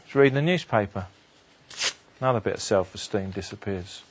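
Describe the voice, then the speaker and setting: A man's voice: a little fast, breathy edge. Man telling a story to a crowd. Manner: animated storyteller, drops voice low and quiet for sad beats. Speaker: motivational speaker. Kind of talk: storytelling talk to an audience.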